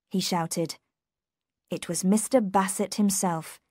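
Woman reading a graded reader slowly. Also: mid-range voice, a little mellow, no room sound, clean studio sound. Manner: slow, careful and clear. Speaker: narrator. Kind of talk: graded reader audiobook narration.

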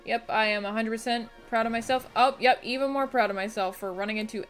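A woman's voice: fairly high pitch, fast, few pauses. A woman streamer giving casual, profanity-laced commentary while playing a video game. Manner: swearing, animated and reactive. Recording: faint music behind.

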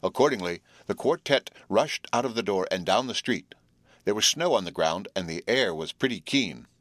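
A man reads an audiobook in a low, steady voice. His delivery is clear and even. The sound is dry and close. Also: moderate pace, dry recording. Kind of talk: audiobook narration.

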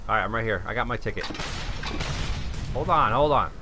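A middle-aged man from New York giving excitable live gameplay commentary, calling out to viewers and shouting when things go his way. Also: medium pitch, a little fast, over music. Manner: excitable, shouts at wins, talks to viewers as folks. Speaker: gaming live streamer.

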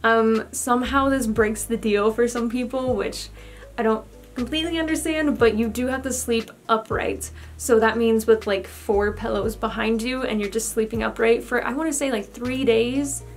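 A woman's voice: a little high, moderate pace, faint music behind. Chatty, slightly breathless young woman vlogger. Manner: chatty and candid, with many fillers. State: a little out of breath. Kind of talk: casual vlog update.

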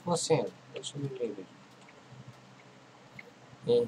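A man narrating his own video game play in a casual, rambling way, talking to himself, his voice a little hoarse. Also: mid-range voice, expressive, slow, warm tone, slight background noise, low-quality recording. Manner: rambling, talks to himself while playing. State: losing his voice. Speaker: gaming channel host. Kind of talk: casual gameplay commentary.

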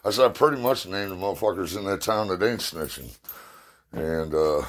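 A middle-aged man with a very low voice spins rambling, cuss-heavy stories from his past. He sounds a little short of breath as he talks, in a loose, casual way. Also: moderate pace. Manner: profane, rambling storyteller. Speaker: storyteller. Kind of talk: casual spoken memories.

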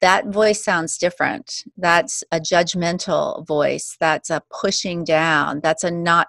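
Woman counselor on a faith podcast, heartfelt and warm, kinda low voice, dry sound. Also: fairly even intonation, takes it slowly, gravelly, few pauses, dry recording. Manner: warm and heartfelt, talks in vivid images. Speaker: guest, counselor. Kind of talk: faith-based podcast conversation.

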